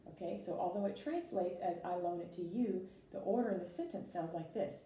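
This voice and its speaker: A woman's voice: fairly low pitch, fairly quick, hardly any pauses, warm tone. Woman teaching in an echoey room. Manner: patient, explains step by step with fillers. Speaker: French teacher. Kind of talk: recorded classroom lesson. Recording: echoey room, distant mic, faint noise.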